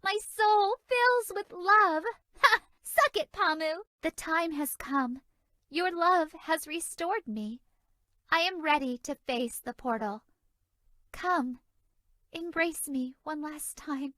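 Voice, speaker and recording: A woman's voice: very high voice, slow, pushed and bright, no room sound, heavily acted. A woman voicing a bubbly, scatterbrained female love fairy in a video game, sweet, giggly and dramatic. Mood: tender.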